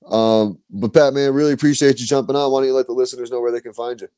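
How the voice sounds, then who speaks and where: A man's voice: mid-range voice, steady tone, quick pace, dark tone, clean tone, no room sound. A man from New hosting a podcast, bantering in a loose, slangy, enthusiastic way. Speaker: podcast host. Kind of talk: casual interview chat. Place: podcast studio.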